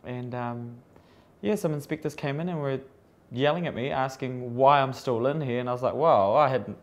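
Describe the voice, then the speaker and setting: A man's voice: mid-range voice, normal speed. Amused New man telling a story. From New Zealand. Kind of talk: recalled interview testimony.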